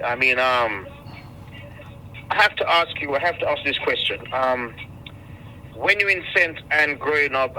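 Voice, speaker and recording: A man's voice: medium pitch, bright, forceful tone, slight background noise, rough recording. A male radio host who interviews a guest, often stumbling and repeating his words.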